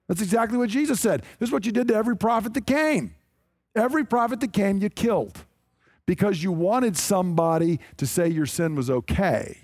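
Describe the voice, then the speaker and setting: A man delivering a sermon with a noticeably high voice, emphatic yet chatty, slipping into short acted asides. The sound is dry and close, with almost no room echo. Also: darkish tone. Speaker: preacher.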